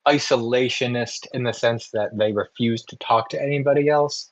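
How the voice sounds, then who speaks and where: A man narrating as game master, halting with frequent ums and restarts. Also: medium pitch, fairly even intonation, no echo, lo-fi sound.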